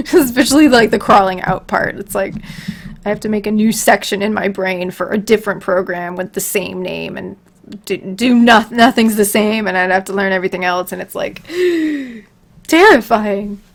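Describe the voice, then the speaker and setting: A woman's voice: mid-range voice, moderate pace. A woman on a casual livestream, answering viewer questions in a rambling, giggly, self-deprecating way.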